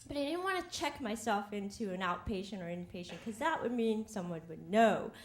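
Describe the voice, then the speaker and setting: A woman's voice: mid-range voice, animated, a little fast. Wry woman telling a stage story. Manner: wry, self-mocking, laughing through lines. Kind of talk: live personal storytelling. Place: theater stage before an audience. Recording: roomy live hall with faint ambience.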